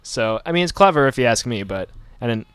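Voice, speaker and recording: A man's voice: medium pitch, animated, fast talker, a bit bright, smooth, no room sound. A man hosting a casual radio talk show, rambling and joking with many restarts. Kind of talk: casual chat.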